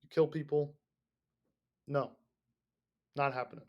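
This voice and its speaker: Brief: male podcast host, sarcastic profane rambler, pitched a bit high. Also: little pitch movement, unhurried, highs cut off. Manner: rambling, sarcastic, swears a lot. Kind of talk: casual profane rant.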